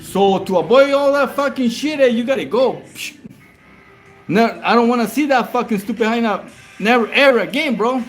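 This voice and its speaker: A man's voice: very high voice, expressive, normal speed, faint music behind. A man from Southern California, chatting casually and profanely with his livestream viewers while eating at home, calling them bro and homie. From Whittier, Southern California. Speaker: livestream host. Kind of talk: late-night casual livestream chat.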